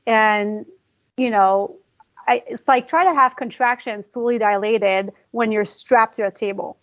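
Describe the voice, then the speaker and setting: Woman telling a story fast and emotionally. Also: a little high, a bit bright, dull audio. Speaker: guest, pre and postnatal fitness coach. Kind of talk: conversational podcast interview.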